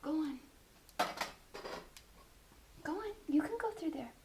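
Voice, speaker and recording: A woman hosting a casual reaction vlog, chatty and self-deprecating, who often drops to a soft whisper and coos baby talk to her pets. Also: sits high, animated, slow pace, noisy background. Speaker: reaction video host.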